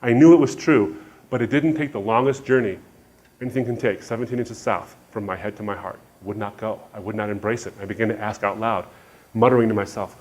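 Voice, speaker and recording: Animated middle-aged man telling his testimony. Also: fairly low pitch, a little fast, a little hiss or hum. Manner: animated storytelling, acting out dialogue. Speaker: Christian speaker. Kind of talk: personal testimony talk.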